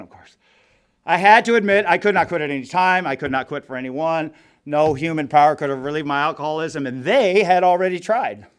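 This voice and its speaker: A man's voice: fairly high pitch, clear, resonant tone. A middle-aged man telling his recovery story to a meeting group in a blunt, profane, wry way. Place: meeting room.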